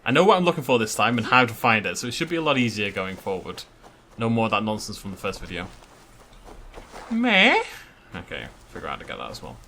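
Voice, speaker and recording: A man's voice: lowish voice, huge pitch swings, fast talker, pushed and bright, slight background noise. A man chatting and joking as he plays through a video game, thinking aloud as he goes. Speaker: gaming YouTuber. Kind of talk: let's play commentary.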